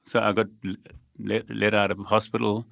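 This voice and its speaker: A man's voice: on the low side, flat delivery, normal speed, creaky, fairly bright tone, dry recording, clean studio sound. A South African man, a guest telling his story in a determined, emphatic way, laughing lightly now and then. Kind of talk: conversational storytelling.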